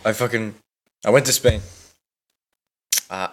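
A man's voice: on the low side, fairly even intonation, measured pace, a little hiss or hum. A teenage man co-hosting a podcast in casual chat, rambling with lots of "like", swearing and giggling. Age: late teens. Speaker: podcast co-host.

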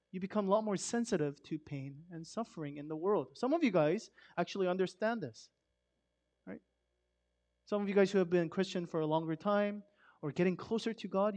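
A man preaching a conversational sermon with rhetorical questions, swinging between loud emphasis and a soft hush. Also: high voice. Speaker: pastor.

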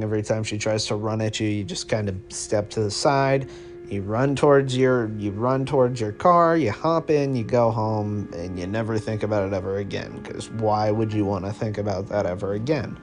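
A man's voice: on the low side, fairly even intonation, moderate pace. A man hosting a podcast and telling a comedic story in second person, rambling, cursing and cutting himself off. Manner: rambling, profane, self-interrupting. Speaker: podcast host.

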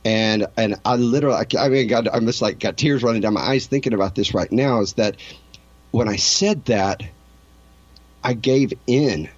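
A man with a fairly low voice is interviewed, and he tells a personal story earnestly and with feeling, circling back and restarting his thoughts. The sound is dry and a bit dull and lo-fi. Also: normal speed, dry recording. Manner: emotional, earnest, rambling with many restarts. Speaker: interview guest.

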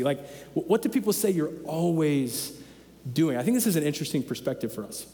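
A man's voice: fairly high pitch, sing-song, brisk, warm tone, big-room sound. A man in his thirties preaching a sermon as pastor, conversational and emphatic, repeating his key phrases. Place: church sanctuary.

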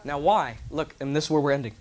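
A man preaches to his congregation, spinning a lively story. He acts out the voices of the people in it and climbs to loud exclamations. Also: fairly high pitch, fast. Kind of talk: sermon storytelling. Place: church with congregation responding.

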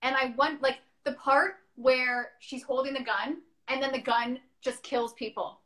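Brief: woman host, high-pitched, chatty and enthusiastic, laughs a lot. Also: fairly even intonation, a little slow, fairly bright tone. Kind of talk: casual chat.

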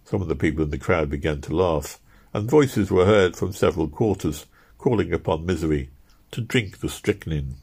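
Husky-voiced male audiobook narrator. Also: sits low, expressive, moderate pace, a little mellow.

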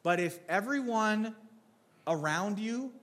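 A man gives a laid-back sermon in church, talking like he's swapping stories with friends. His voice sits a little high for a man, and he jokes and restarts phrases as he goes. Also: lively intonation, slow pace, fairly bright tone. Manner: joking, storytelling, frequent restarts. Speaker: preacher. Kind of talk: casual conversational sermon.

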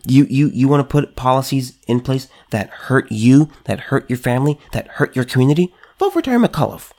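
A man delivers political commentary straight to camera, hammering his points with repeated rhetorical questions. His voice sits at an ordinary middle pitch and stumbles into quick restarts as he gets heated. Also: fairly even intonation, darkish tone. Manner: emphatic, repetitive rhetorical questions; stammering restarts when worked up. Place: California.

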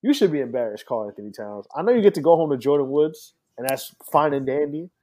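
Casting note: male sports podcast co-host, slightly high voice, profane and mocking trash talk. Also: lively intonation, fast, warm tone. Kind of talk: casual sports banter.

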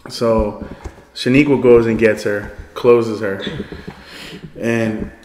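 A man telling a story in casual chat, profane and animated, often breaking into laughter. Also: fairly low pitch, slow. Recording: echoey room, faint noise.

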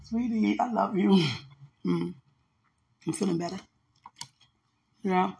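A man's voice: high-pitched, steady tone, slow pace, vocal fry, a little mellow. A man talking casually to his viewers while he cooks at home, earnest and religious, rambling and laughing often. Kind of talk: casual livestream chat while cooking. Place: home kitchen. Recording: roomy echoey kitchen, faint dish clatter.

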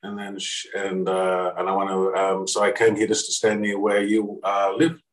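A middle-aged man from Australia, telling a personal anecdote in an animated way and acting out the voices he quotes. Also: moderate pace. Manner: animated, acts out quoted voices with pitch jumps. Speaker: speaker. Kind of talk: anecdotal storytelling. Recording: echoey room, distant mic.

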